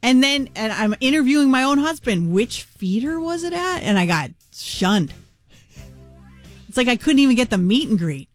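Animated woman radio co-host, higher voice. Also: normal speed, faint music behind. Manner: animated storyteller acting out both sides of a conversation. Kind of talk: casual radio chat.

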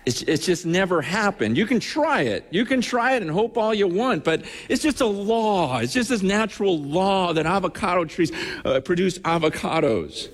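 A man's voice: sits high, expressive, normal speed, few pauses, big-room sound. A man preaching a sermon as pastor, emphatic, firing rhetorical questions at his listeners and often stumbling over repeated words.

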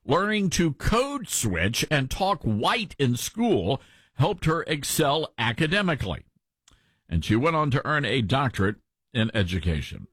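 A man's voice: medium pitch, very animated, measured pace, fairly bright tone, breathy edge, no room sound, clean studio sound. A man from Tennessee with a mild Southern accent, hosting a talk radio show in a folksy, opinionated way.

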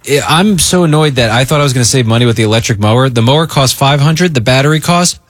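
A man's voice: mid-range voice, fast talker, no echo. A man hosting a casual morning radio show, telling joking stories from a studio. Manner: laid-back, joking storyteller.

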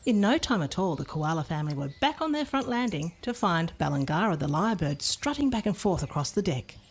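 A woman reading a children's storybook aloud in an expressive, playful way. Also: fairly low pitch, brisk, husky.

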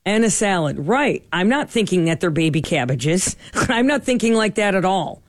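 A middle-aged woman host in casual chat, telling stories in an animated way and acting out what people said. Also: mid-range voice, normal speed, no echo. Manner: animated, acts out quoted dialogue.

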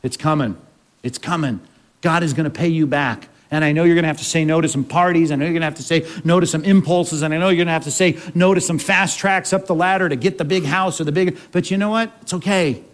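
Male pastor, high voice, preaching a sermon, chatty, keeps asking the crowd questions. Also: fairly even intonation, quick pace, hardly any pauses. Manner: conversational preaching with frequent rhetorical questions.

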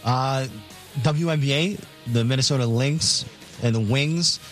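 A man's voice: mid-range voice, a little slow, faint music behind. A man co-hosting a sports radio show, reading betting lines in a matter-of-fact way with fillers.

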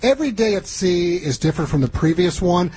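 A man's voice: high-pitched, brisk, low-quality recording. A man hosting a travel radio show live, talking in an upbeat announcer manner. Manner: energetic, announcer-like.

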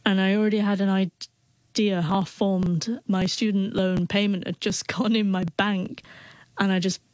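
A woman speaking as an interview guest, her words catching and repeating as she stutters through a heartfelt personal story. The voice sits at an ordinary middle pitch. It is recorded close and dry, with almost no room sound. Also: level tone, measured pace, darkish tone, no room sound.

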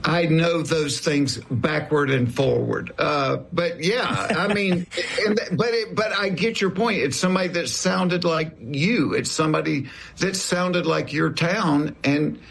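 A gravelly, slightly husky voice from a man in his sixties with a broad Southern US accent. He tells his stories in an unhurried, folksy way, with a chuckle never far off, the way a comedian talks off-stage to an interviewer. His pitch sits a touch high for a man. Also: fairly bright tone. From American South. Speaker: comedian guest. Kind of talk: conversational interview storytelling.

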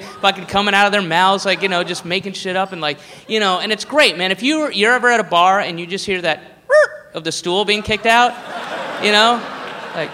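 A man doing a profane, rambling stand-up routine, with a fairly high, bright voice. His voice rings with long reverb from the club, with a faint hum of the room behind him. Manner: profane, rambling, laughing through bits. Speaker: stand-up comedian.

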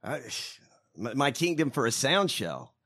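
A man co-hosting a podcast, trading profane political banter, loud and swearing, swinging from shouts to mutters. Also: mid-range voice, sing-song, unhurried, slightly rough. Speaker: podcast co-host.

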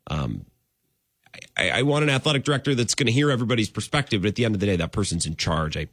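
A man hosting a sports talk radio show, rambling and animated with sudden jumps in pitch. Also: rapid-fire, slightly rough, no echo, clean studio sound.

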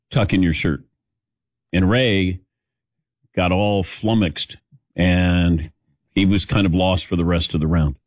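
A man hosting a sports talk show, telling stories in a rambling, animated way and acting out what others said. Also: low voice, dry recording, clean studio sound. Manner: rambling, animated storytelling with mimicked quotes. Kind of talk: casual sports talk chat.

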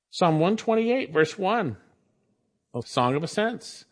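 Emphatic preaching man, higher voice. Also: very animated, slow. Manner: reads scripture aloud, then explains it with emphatic repetition. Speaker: pastor. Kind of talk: sermon.

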